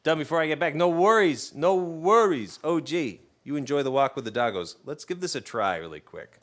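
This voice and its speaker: A man's voice: mid-range voice, lively intonation, a little fast. A man talks loosely to his live-stream viewers while he cooks. He tells jokey stories and teases his dog, in an ordinary mid-range voice. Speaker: cooking streamer. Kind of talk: casual live-stream chat while cooking.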